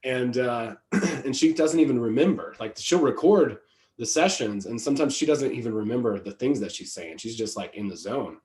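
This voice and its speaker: A man hosting a podcast, relaxed and quick to agree in casual chat. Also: mid-range voice, reverberant. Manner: easygoing, quick to agree, says "bro". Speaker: podcast host.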